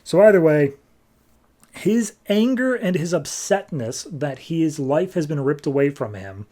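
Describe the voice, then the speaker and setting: A man hosting a comics podcast talks through an issue's plot in a loose, chatty way. His voice sits slightly high for a man, and he slips into quick paraphrased character lines as he goes. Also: expressive, mellow. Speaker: comic book podcast host. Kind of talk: casual comic recap.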